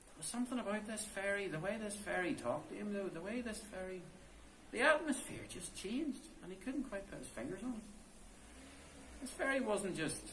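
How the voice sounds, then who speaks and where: In a stone cave tomb with a roomy echo, a male storyteller with a fairly high, fairly bright voice tells a folk tale in a chatty, unscripted way. There is slight background noise.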